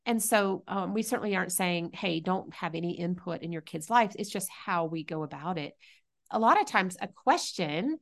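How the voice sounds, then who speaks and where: A woman's voice: lowish voice, expressive, moderate pace, gravelly. A middle-aged woman speaking as a podcast guest, earnest and reflective, often restarting her sentences. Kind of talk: conversational interview.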